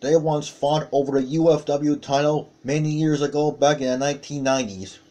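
A man doing play-by-play commentary on a wrestling match, calling out moves with excited exclamations. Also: fairly high pitch, normal speed.

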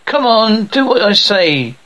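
A man voicing a sneering teenage big brother from a cartoon. He taunts in a raised, higher voice. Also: very animated, measured pace, a bit bright, exaggerated voice, rough recording. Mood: taunting. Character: bullying teenage boy, older brother.

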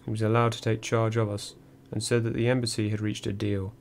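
A man reading a first-person memoir audiobook in a measured, dry storytelling manner. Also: fairly low pitch, little pitch movement, a little hiss or hum. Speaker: audiobook narrator.

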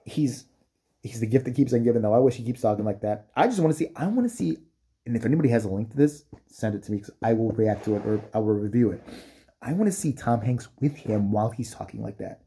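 Profane ranting man with a dark husky voice. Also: mid-range voice, fast talker. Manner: profane, mocking rant with put-on impressions. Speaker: vlogger. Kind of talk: ranting commentary.

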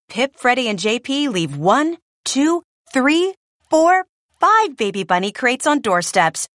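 A woman reading a children's storybook aloud in an expressive way. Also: high voice, slow, dry recording, clean studio sound. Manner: lively, expressive. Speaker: storybook reader.

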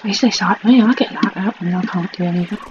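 A woman's voice: medium pitch, fast, muffled recording. A woman chatting and swearing to herself while playing a game, with exasperated asides. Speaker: game streamer. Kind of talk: casual chat while playing. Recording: loud background noise.

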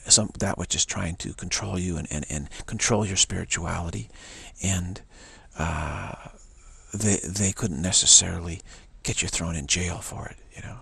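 Gravelly, husky-voiced man repeating affirmations. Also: sits low, fairly bright tone, no echo. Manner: repetitive affirmations, drops to whispers. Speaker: spiritual teacher. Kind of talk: spiritual monologue.

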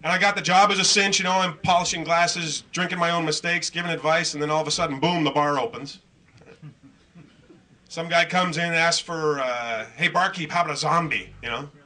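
Middle-aged male emcee with a high voice, loose and profane stand-up banter that teases himself and the crowd. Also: steady tone, a little fast, pushed and bright. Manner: rambling, self-mocking, profane. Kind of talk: stand-up comedy and crowd work.

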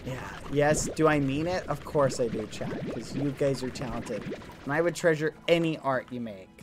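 A man livestreaming a game, chatting with his viewers in a playful, teasing way, with game music behind him. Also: medium pitch. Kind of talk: casual game stream chat.

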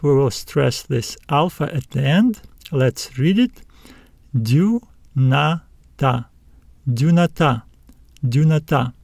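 Male teacher for a video lesson, patient, careful diction, slightly high voice, dry close sound. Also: creaky, a little mellow, no room sound. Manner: slow, careful enunciation, spelling out letters. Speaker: Greek teacher.

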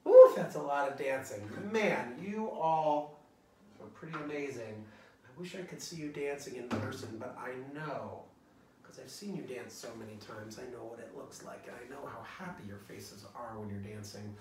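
A man teaching young children in an online singalong, talking gently and encouragingly in a playful way. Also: medium pitch, normal speed, a little hiss or hum. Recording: roomy echo, distant from the mic, guitar.

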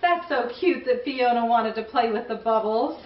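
An older woman hosting a children's show, talking warmly and encouragingly to young kids. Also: fairly high pitch, moderate pace. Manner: warm, encouraging, kid-directed. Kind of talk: chatty talk to young children. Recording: roomy, distant, dull recording.

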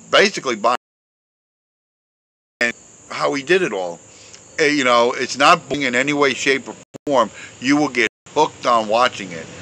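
A man hosting his own show outdoors, chatting casually in a loud, forceful, outspoken way and chuckling often. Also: mid-range voice, rough recording. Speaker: show host showing memes and pictures. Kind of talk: casual rambling commentary. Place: outdoors in a breeze.

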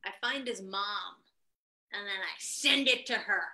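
A young adult woman telling a stand-up set over a video call, animated and profane, laughing through her stories. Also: medium pitch, unhurried, crowd noise. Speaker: stand-up comedian.

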